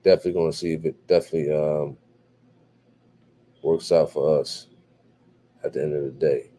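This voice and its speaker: A man's voice: extremely low pitch, steady tone, normal speed, warm tone, a little hiss or hum. A tired man doing casual live fight commentary, reading viewers' chat and answering it in a laid-back way, full of repeats and fillers. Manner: laid-back, repeats himself, many fillers like "what have you".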